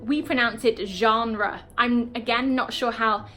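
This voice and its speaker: A British woman teaching English in a casual video lesson, explaining slowly and checking in with "okay?" often. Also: fairly high pitch, steady tone, a bit bright, soft background music. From Britain. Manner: explains slowly, repeats words, frequent "okay?".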